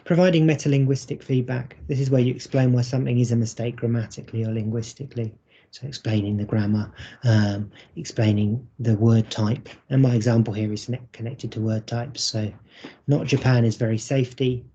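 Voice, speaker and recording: A man giving a recorded teaching workshop, talking in a measured, explanatory way. His voice is dark and a little husky, with some gravel at the ends of phrases. The audio is dull and lo-fi. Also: mid-range voice, fairly even intonation. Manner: measured, explanatory, many ums. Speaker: university English teacher. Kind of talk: recorded conference workshop presentation.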